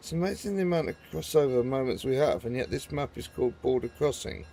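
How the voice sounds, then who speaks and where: A man's voice: mid-range voice, animated, fast talker, creaky, dark tone, slight background noise. A man hosting a gaming video, giving casual, rambling commentary and chatting to viewers as he plays.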